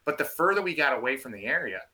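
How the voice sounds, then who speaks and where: Bright-voiced man telling a story. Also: mid-range voice, fast talker. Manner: animated, restarts often. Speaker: field researcher guest. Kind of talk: casual storytelling.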